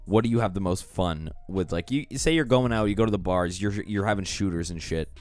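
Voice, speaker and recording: A man's voice: low-pitched, fairly quick, a little mellow. A young man co-hosting a podcast, chatting in a laid-back way, laughing often and swearing freely. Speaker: podcast co-host. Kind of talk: casual chat.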